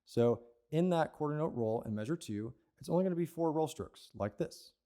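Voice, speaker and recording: Mellow-voiced man teaching a snare lesson. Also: a little high, animated, normal speed. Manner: patient, explanatory, says "okay?" and "right?" to check in. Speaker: percussion teacher. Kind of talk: instructional lesson.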